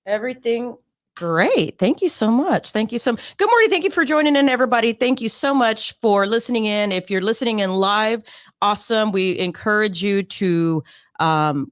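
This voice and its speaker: A woman's voice: medium pitch, normal speed, no echo, studio quality. A woman hosting a casual live-stream talk show, bubbly, laughing often and repeating her phrases. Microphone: desk mic on a live stream.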